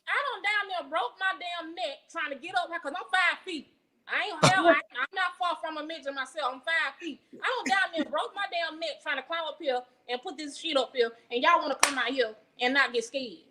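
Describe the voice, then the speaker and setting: A woman's voice: sits high, fairly quick, sharp tone, slight background noise, low-quality recording. A woman comedian from Atlanta with a Southern accent, telling stories in a brash, profane way during a casual interview. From Atlanta, USA.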